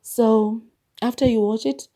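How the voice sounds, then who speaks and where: A woman, hosting a podcast and chatting casually through a movie review, expressive and quick to laugh. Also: on the high side. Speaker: podcast host.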